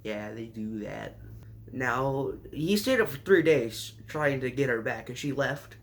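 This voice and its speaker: A man's voice: medium pitch, lively intonation, unhurried. A man casually recapping a show with sarcastic, rambling asides and mock surprise. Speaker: show reviewer.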